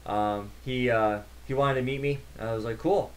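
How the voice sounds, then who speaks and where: A man's voice: medium pitch, moderate pace. A man, a network engineer, casually recapping a tech conference in a rambling, chatty way with many fillers.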